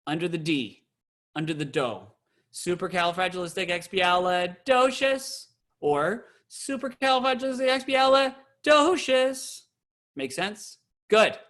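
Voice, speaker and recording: Slow, bright-voiced cantor teaching chant. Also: male voice, on the high side, lively intonation. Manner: explains briefly, then sings trope words slowly. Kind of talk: online Torah trope lesson. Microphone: video call.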